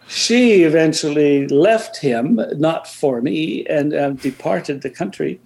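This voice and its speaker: A man's voice: fairly high pitch, lively intonation, takes it slowly, creaky, long pauses, a little mellow. An older man as an interview guest, reflecting on his past in a hesitant storytelling way, with many restarts.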